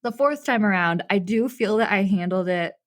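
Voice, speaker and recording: A woman's voice: mid-range voice, normal speed, dry recording, clean studio sound. A young woman hosting a solo podcast, talking in a casual, candid way and laughing often. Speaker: podcast host and business coach.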